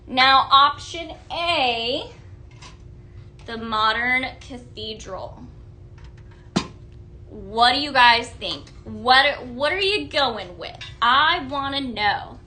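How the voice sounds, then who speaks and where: A woman hosts a live shopping stream. She gushes about products and reads viewer votes aloud. Her voice is bright and sits a bit high. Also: animated, extremely slow, long pauses. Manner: bubbly, gushing, reads viewer comments aloud. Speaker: live-selling host.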